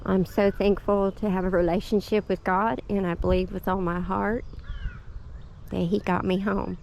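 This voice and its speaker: A woman's voice: mid-range voice, little pitch movement, moderate pace, gravelly, darkish tone. A middle-aged woman, telling a story in a casual, chatty vlog, laughing often and getting emotional. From Oklahoma. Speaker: homestead vlogger. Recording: dull lo-fi with faint background noise.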